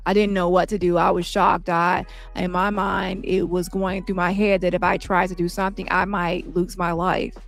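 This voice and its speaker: A woman reading the part of a man testifying in court, recounting events in a plain, halting way, with faint music behind. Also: fairly low pitch, little pitch movement, gravelly. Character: shaken male witness testifying at trial.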